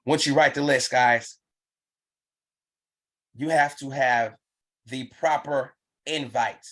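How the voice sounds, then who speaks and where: Guy running a live business training online, keeps repeating himself, gets pumped up, middle-pitched voice. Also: steady tone, slow, a bit bright. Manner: emphatic, repetitive coaching; pumped-up, urging.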